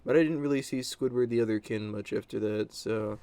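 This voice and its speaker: A man's voice: medium pitch, a little fast, dark tone, smooth, dry recording. A young adult man telling a story from his school days in a casual, blunt monologue, with many fillers and crude words.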